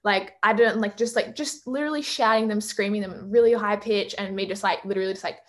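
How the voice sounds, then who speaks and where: A woman's voice: medium pitch, steady tone. Chatty young woman, lots of "like". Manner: chatty, fills speech with "like" and quick laughs. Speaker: singer in a band, interview guest. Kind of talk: casual interview chat.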